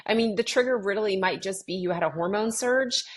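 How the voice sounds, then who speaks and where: As an interview guest talking about her experience with anxiety, a middle-aged woman speaks casually and briskly in a mid-range voice. She animatedly acts out conversations with clients in quoted dialogue and often restarts her sentences.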